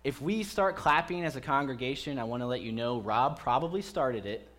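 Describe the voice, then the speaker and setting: A man in his thirties preaches a casual sermon in a church. His voice sits at an ordinary middle pitch. He talks to the congregation like old friends and jokes with them as he goes. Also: animated, fairly quick, background noise. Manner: chatty and joking with the congregation. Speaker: pastor. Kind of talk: conversational sermon.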